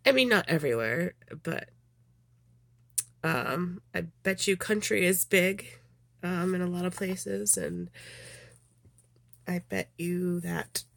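A woman's voice: lowish voice, slow, gravelly, long pauses, fairly bright tone, no echo. A woman doing a casual questionnaire vlog, rambling with lots of ums and giggles, a little sniffly. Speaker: vlogger.

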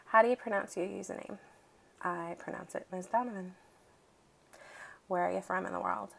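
Gravelly-voiced woman with a Boston accent. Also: mid-range voice, steady tone, normal speed, a bit bright, a little hiss or hum. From Boston, Massachusetts. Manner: chatty, wry, with frequent ums and light laughs. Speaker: accent challenge vlogger. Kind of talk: casual spoken vlog.

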